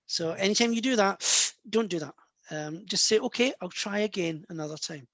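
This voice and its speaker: A man's voice: sits high, normal speed, fairly bright tone, no room sound. A man with a Scottish accent, a medium answering audience questions in a friendly, reassuring way, calling listeners guys and love. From Scotland. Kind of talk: casual talk.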